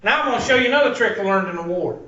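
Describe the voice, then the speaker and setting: This math teacher talks very fast in a high, animated voice with a bright, forceful tone, and a little hiss or hum sits under it. He lectures the class bluntly, cracking jokes and straying into stories, all in a dull, distant, roomy lo-fi room recording.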